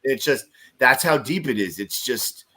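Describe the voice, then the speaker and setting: A man co-hosting a casual fan chat show, telling stories with animated swings and frequent laughs. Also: mid-range voice, a little slow, breathy edge. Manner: animated storytelling, laughs often. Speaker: podcast host.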